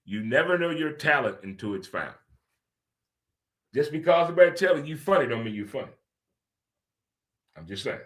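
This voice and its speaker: A man hosting a casual talk radio show, joking and animated, swinging between loud outbursts and low muttering. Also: normal speed, pauses often. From St. Louis.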